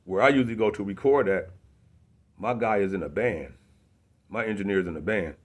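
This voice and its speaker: A man's voice: on the low side, fairly quick. A young man, a rapper, telling a casual story in street slang, often asking "you know what I'm saying". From South Bend, Indiana.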